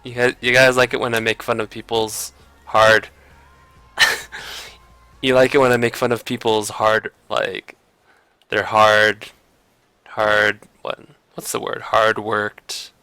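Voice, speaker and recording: A man talks through drawing critiques on a relaxed livestream, joking and putting on mock outrage. His voice is bright and forceful with a gravelly fry, and he takes his time. Soft music plays faintly underneath. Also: fairly low pitch, slow, pauses often, no echo. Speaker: art streamer giving drawing critiques. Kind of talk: casual livestream chat while drawing.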